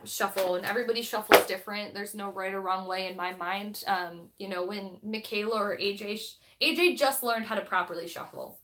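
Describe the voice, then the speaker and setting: A woman in a mid-pitched voice hosts a casual live stream about spirituality. She rambles and thinks aloud, reads passages from a book, and talks directly to her viewers. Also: fairly even intonation, brisk, hardly any pauses, a bit bright, slight background noise.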